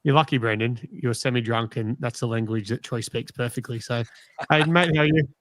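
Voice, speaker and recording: A man's voice: medium pitch, a little fast, dry recording. An Australian man hosting a casual live podcast, teasing and joking with his panel. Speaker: podcast host. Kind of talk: casual live-stream chat.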